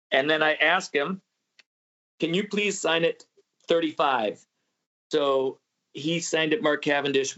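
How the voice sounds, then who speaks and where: Male travel podcast host, casual animated storyteller, muffled lo-fi recording. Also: mid-range voice. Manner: animated, acts out quoted voices. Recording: muffled lo-fi audio.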